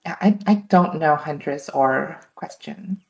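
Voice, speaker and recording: A woman's voice: low-pitched, a little slow, creaky. A woman hosting a casual live stream chat, chatty and giggly. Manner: chatty, giggly, self-described nerd. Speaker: streamer host. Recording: roomy echo with faint music.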